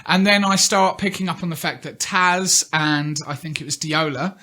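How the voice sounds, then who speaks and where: Guy on a podcast, kinda high bright voice, rambles and jokes around. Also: moderate pace. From Ireland. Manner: rambling, joking storyteller. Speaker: podcast co-host. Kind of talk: casual chat.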